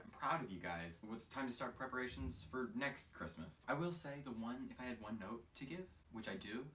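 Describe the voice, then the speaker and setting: A man's voice: mid-range voice, a bit bright. A young man in a rambling, sarcastic comedy monologue, mocking himself as he talks in his own room. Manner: sarcastic, self-mocking, fast and scattered. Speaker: comedic vlogger. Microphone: phone camera. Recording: voice a bit far from a phone mic, with faint noise.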